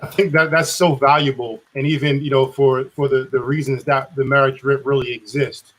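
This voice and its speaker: A man's voice: medium pitch, level tone, normal speed, a bit bright. A man hosting a marriage talk show, interviewing a couple, often restarting his words and reading a passage aloud from their book. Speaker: podcast host. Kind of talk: conversational interview.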